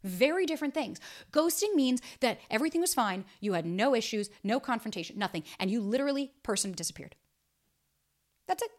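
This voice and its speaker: A woman's voice: on the high side, expressive, a little fast. A woman in her thirties hosting a casual solo podcast, talking bluntly and emphatically and swearing freely. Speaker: podcast host and dating coach.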